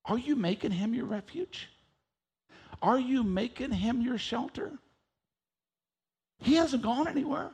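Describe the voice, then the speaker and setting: A man's voice: sits high, sing-song, measured pace, gravelly, darkish tone, breathy edge. A male preacher delivering a sermon. He reads scripture aloud and leads the congregation in reading it back with him.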